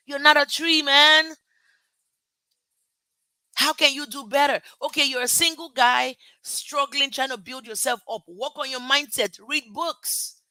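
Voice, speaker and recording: Middle-aged Nigerian woman, live motivational host, very bright, tense edge, dry close sound, punchy and repetitive. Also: high voice, steady tone, measured pace, no echo, low-quality recording. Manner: emphatic, repeats points, laughs at herself.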